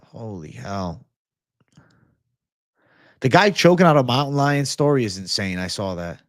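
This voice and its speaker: Young dude on a livestream, swears a lot, gets hyped, dry close sound. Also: male voice, medium pitch, measured pace, no room sound. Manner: profane, excitable, laid-back bro talk. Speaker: MMA livestream host. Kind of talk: casual livestream chat reading comments.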